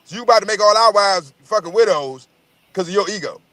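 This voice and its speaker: A man's voice: high voice, fast talker, sharp tone, dry recording. A man in casual chat, telling profane, rambling stories and repeating his words as he goes.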